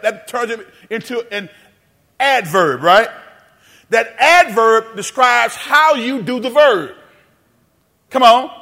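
A male pastor preaching a sermon in a church sanctuary, calling on the congregation to answer back, half-singing some lines and rising to shouts. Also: high voice. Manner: call-and-response preaching, sings some phrases, rises to shouts.

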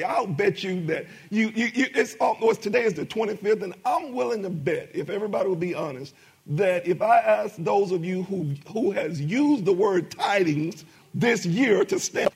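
A man's voice: high-pitched, husky. A middle-aged man preaching a sermon as pastor, with emphatic rising bursts and many repetitions.

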